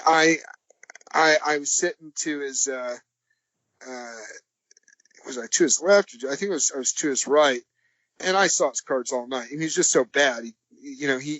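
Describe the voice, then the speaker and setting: A man's voice: a little high, a bit bright, dry recording. Rambling man telling a story, dull audio. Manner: rambling, halting, chuckles through the story. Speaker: podcast guest. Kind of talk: anecdotal storytelling.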